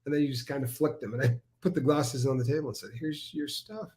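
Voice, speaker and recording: A man's voice: medium pitch, quick pace. A man co-hosting a casual livestream chat, telling stories emphatically and acting out what others said. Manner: animated storyteller, emphatic, mimics others. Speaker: co-host.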